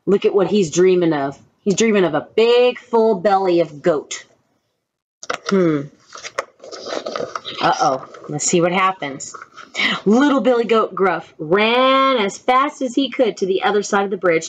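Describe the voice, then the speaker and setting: A woman reading a children's story aloud, slow and gentle, asking the children questions as she goes. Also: mid-range voice, lively intonation, muffled recording, slight background noise. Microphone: own camera.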